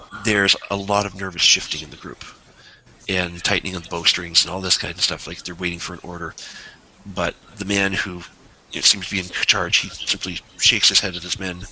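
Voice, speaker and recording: Deep, sharp-voiced man running a game. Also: slight background noise, poor audio. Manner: rambling, animated storyteller with frequent restarts. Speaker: game master. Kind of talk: narrating a tabletop game.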